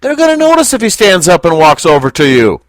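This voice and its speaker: A man teaching a Bible lesson to a small group, speaking slowly and deliberately and putting questions to his listeners. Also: high voice, wildly swooping pitch, no echo, clean studio sound. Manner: slow, deliberate, asks the class questions.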